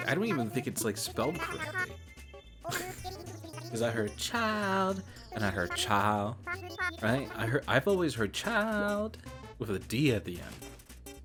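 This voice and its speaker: A woman's voice: a bass voice, very animated, moderate pace. A woman in her twenties streaming a game, chatting casually with profane, giggly, rambling commentary over game music. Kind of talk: casual gameplay chat.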